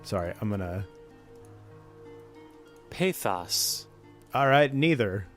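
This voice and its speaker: A man's voice: mid-range voice, normal speed, faint music behind. A man reading a creepypasta aloud in a casual way, breaking off now and then to joke and laugh. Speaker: channel host reading creepypasta. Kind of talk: casual read-aloud of a horror story.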